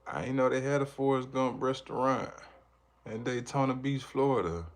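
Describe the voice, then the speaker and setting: A man with a medium-pitched voice talks at a moderate pace on a livestream. He's a parent, rambling casually as he reads and reacts to viewers' comments in the chat.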